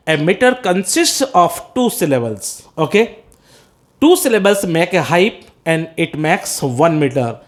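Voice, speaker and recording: A man with an Indian English accent teaching poetry as an English teacher, breaking ideas down step by step, asking questions and answering them himself, with many "uh"s and "okay?" checks. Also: sits high. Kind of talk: classroom lecture on poetry.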